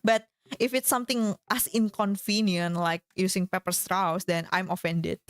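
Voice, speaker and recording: A woman's voice: mid-range voice, clear, resonant tone, no room sound. A woman streamer in casual chat, giggling often and filling her talk with fillers.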